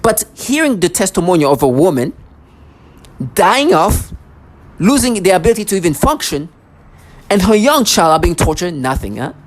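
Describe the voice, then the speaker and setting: A woman's voice: lowish voice, very animated, normal speed, long pauses. Woman vlogger, heated rant to camera, sarcastic asides, lots of stumbles and restarts. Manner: agitated, repetitive, stumbling restarts. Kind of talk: ranting monologue to camera.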